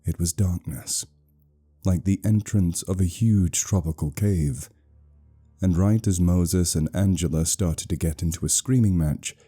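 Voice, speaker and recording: A man with a very low, deep voice narrates a horror story. His tone is extremely dark and mellow, and his telling is steady and measured. Faint music plays underneath. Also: breathy edge.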